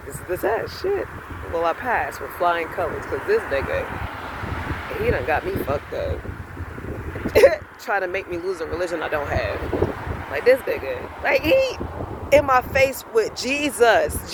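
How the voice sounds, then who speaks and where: Guy with a really high lively voice cussing thru a story outside, loud street noise behind him. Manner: animated, profane, acts out both sides of an argument. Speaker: self-styled spiritual vlogger. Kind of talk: casual storytelling rant.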